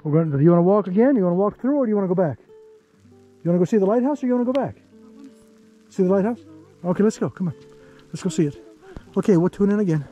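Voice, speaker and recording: A man narrating a hike to the camera on an outdoor canyon trail, easygoing and chatty, thinking aloud with pauses. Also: high voice, expressive, warm tone, highs cut off, soft background music. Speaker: travel vlogger.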